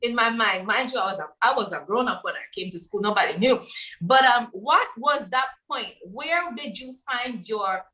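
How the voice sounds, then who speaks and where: A woman's voice: fairly high pitch, expressive, normal speed, sharp tone. A woman from Belize moderating a panel discussion, chatty and anecdotal, with frequent fillers. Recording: voice from far off the mic.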